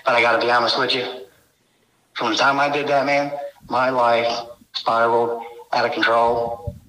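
A man's voice: mid-range voice, little pitch movement, normal speed, sharp tone, roomy sound, rough recording. A man telling of his frightening encounters as a guest, rambling and intense, packing his story with filler phrases. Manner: rambling, intense, full of "you know". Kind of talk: emotional first-person storytelling.

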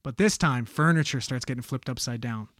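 A man casually retelling a spooky story on a podcast, animated and swearing freely. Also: medium pitch, a little fast, no echo, clean studio sound. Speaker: podcast co-host telling a story.

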